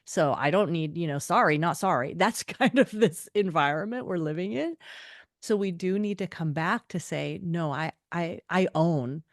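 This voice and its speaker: Lively, expressive woman author storyteller. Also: moderate pace, no room sound, studio quality. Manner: expressive, acts out quotes with big pitch jumps. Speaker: author and podcast host, guest. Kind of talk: animated storytelling interview.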